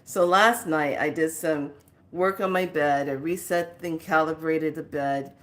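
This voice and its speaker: A woman's voice: sits low, fairly even intonation, a little slow. A woman hosting a casual spiritual talk, telling a family story animatedly and laughing often. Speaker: spiritual teacher and host.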